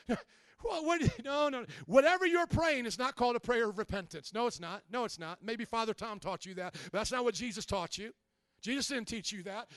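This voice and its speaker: High-voiced man preaching a fiery sermon. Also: fairly quick, clear, resonant tone, no room sound, studio quality. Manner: preachy and confrontational, swings from quiet confession to shouting. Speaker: pastor.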